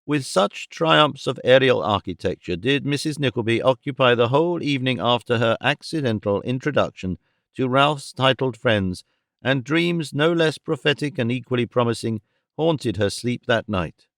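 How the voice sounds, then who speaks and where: A man narrating a classic novel as an audiobook, in a measured, wry storytelling manner. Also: mid-range voice, lively intonation, a bit bright, dry recording, studio quality.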